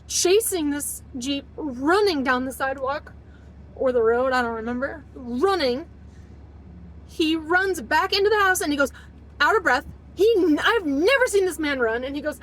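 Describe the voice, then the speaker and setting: A woman's voice: lively intonation, unhurried, fairly bright tone, poor audio. A woman in her thirties telling a painful personal story, her voice shaky as she holds back tears. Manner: fighting back tears, voice dropping low and shaky.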